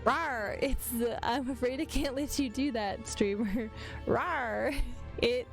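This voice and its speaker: A woman's voice: on the high side, normal speed, a little mellow, faint music behind. A woman streaming a game live, playful and giggly as she reads the dialogue aloud.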